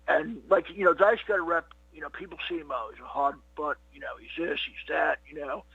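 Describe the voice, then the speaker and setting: A man's voice: fairly high pitch, breathy edge, dry recording. A middle-aged man, a comedian being interviewed, telling stories in a rambling casual way, full of "you know what" and "he goes". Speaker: comedian guest. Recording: dull lo-fi dry recording.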